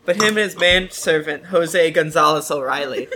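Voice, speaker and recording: A man chatting casually as a tabletop game player, rambling with halting restarts. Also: a little high, noisy background. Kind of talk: casual chat.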